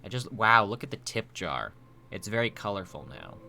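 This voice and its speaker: A man streaming live, rambling through a mock-tearful fake apology in a deadpan, stammering way. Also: on the low side, normal speed, gravelly, slight background noise. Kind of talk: mock-tearful livestream banter.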